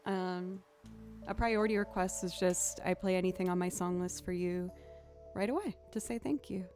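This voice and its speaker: A woman's voice: on the low side, normal speed, a little mellow. Chatty woman streamer, faint music behind. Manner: chatty, laughs often, thanks viewers. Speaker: livestream host and violinist. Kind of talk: casual livestream chat.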